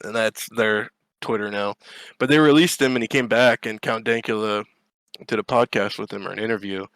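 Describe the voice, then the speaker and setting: A man's voice: fairly low pitch, steady tone, brisk, fairly bright tone, no echo. A man co-hosting a gaming podcast, ranting in a casual, profane and sarcastic way. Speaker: podcast co-host. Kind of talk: casual chat.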